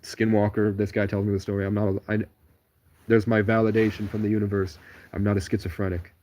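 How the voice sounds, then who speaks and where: A man's voice: fairly low pitch, flat delivery, quick pace, a little mellow. A man talking alone on a livestream, telling digressive stories in a stream-of-consciousness ramble. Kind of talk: rambling solo livestream monologue.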